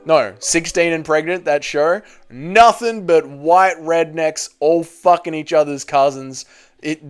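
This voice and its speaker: A man's voice: fairly high pitch, clean tone. A man with an Australian accent hosting a live stream, reading chat aloud, swearing freely and teasing his viewers.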